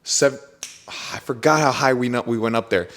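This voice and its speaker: A young man at an ordinary middle pitch tells a story on his podcast in loose, casual chat. He is animated and slangy, dropping bro and dude as he goes. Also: moderate pace. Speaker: podcast host.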